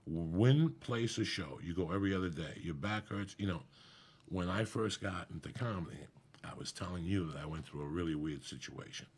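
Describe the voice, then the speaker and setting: A middle-aged man, a comedian guest, telling a profane, animated story in casual podcast chat. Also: deep voice, moderate pace. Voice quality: gravelly, husky.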